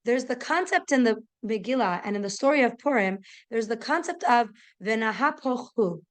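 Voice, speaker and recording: A young woman with a fairly high voice teaches a religious class as a story. She narrates with animated energy and lifts her pitch to voice the characters' lines. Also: moderate pace. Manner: lively storytelling, acting out dialogue with raised pitch. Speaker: Torah teacher. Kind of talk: storytelling lesson.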